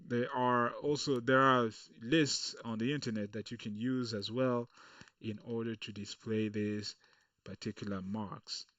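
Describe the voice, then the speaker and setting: A man's voice: mid-range voice, steady tone, a little slow, a bit bright, dry recording, recorded from a distance, muffled recording. A man teaching a screen-recorded coding lesson, explaining patiently and checking in with "okay" along the way. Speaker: coding tutorial instructor.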